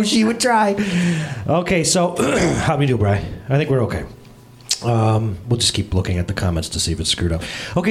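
A man preaching a casual, joking sermon as a pastor, chatting with his congregation by name and with viewers online. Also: mid-range voice. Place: church service with congregation and livestream.

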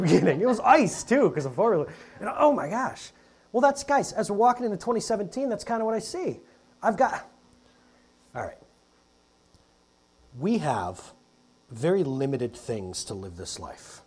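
A man's voice: a little high, darkish tone, husky. A man preaching a sermon to his congregation, conversational and chatty, often calling them "guys". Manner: conversational, calls the congregation "guys", jokes aside. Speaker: pastor. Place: church hall with a congregation.

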